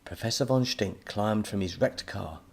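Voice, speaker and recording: A man narrates a children's audiobook in a lively storytelling style, his voice on the low side and slightly rough, at a normal speed.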